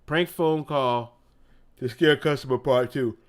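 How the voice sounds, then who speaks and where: A man's voice: mid-range voice, a little slow. A man streaming live, reacting to clips in casual, slangy chat and laughing often.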